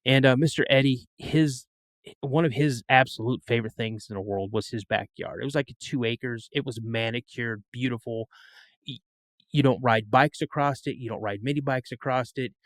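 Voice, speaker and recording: A man's voice: medium pitch, normal speed, no echo. Man, middle-aged, podcast guest, rambling storyteller, frequent restarts, dry recording. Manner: rambling, repeats words and restarts. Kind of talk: storytelling in an interview.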